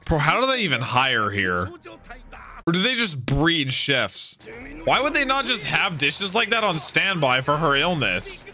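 Excitable young man reacting loudly. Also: on the high side, a little slow, soft background music. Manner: excitable, swings into loud outbursts. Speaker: anime reaction host. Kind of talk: casual reaction commentary.

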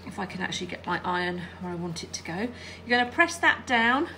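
A woman with a lowish, gravelly, sharp-toned voice talks fast and very animatedly as she irons and sews in a chatty quilting tutorial, often checking in with "all right?" Slight background noise is present.

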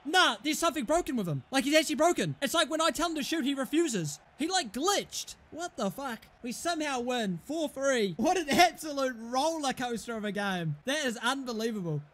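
A young man commentating his football video game match, excitable and often shouting and swearing at his teammates. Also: very high voice, brisk, hardly any pauses. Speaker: gaming YouTuber. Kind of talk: live gameplay commentary.

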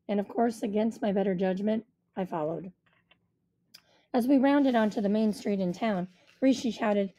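A woman reading a first-person children's storybook aloud in a measured storytelling manner. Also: mid-range voice, warm tone, no room sound, highs cut off. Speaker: audiobook reader.

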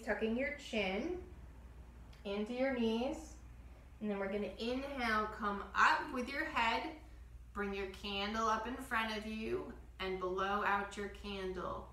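A woman guiding a children's yoga class, giving gentle step-by-step instructions and demonstrating breath sounds. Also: medium pitch, echoey room, distant mic, slight background noise, low-quality recording. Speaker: kids yoga teacher.

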